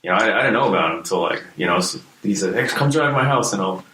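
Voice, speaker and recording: A man with a lowish voice spins loose stories, full of fillers and casual swearing. The room around him sounds roomy with echo, and a faint hiss sits underneath. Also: expressive, fast talker, pushed and bright. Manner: laid-back, swears freely, lots of fillers. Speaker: guest, hardcore musician. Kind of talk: casual storytelling interview.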